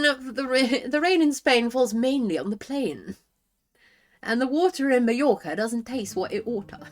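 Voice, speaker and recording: A woman's voice: mid-range voice, fairly bright tone. A woman with a British English accent chatting casually as a livestreamer, reading out chat messages and laughing often.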